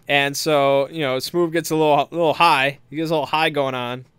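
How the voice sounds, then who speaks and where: A man's voice: fairly high pitch, fairly even intonation, normal speed, fairly bright tone, clear, resonant tone, no room sound. A man casually recapping a tabletop game session in a meandering, hesitant, amused way.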